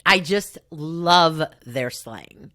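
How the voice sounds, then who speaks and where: A woman's voice: low-pitched, animated, extremely slow, bright, forceful tone, dry recording, clean studio sound. A middle-aged woman with a Valley girl accent, hosting her own podcast in a chatty, upbeat way. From Southern California. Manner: upbeat, chatty, frequent fillers and laughs. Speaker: podcast host. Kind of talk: casual solo podcast talk.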